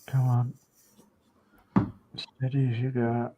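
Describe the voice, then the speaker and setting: A man's voice: mid-range voice, completely flat delivery, slow pace, very noisy. A man chats casually and mutters encouragement to himself while painting a scale model at home. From United Kingdom. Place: home hobby room.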